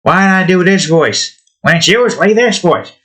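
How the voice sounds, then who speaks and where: Man playing a happy-to-be-there goon, high and excitable, cheering on the boss. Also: moderate pace. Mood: eager. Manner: eager, excitable. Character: eager male goon, hype man to a boss.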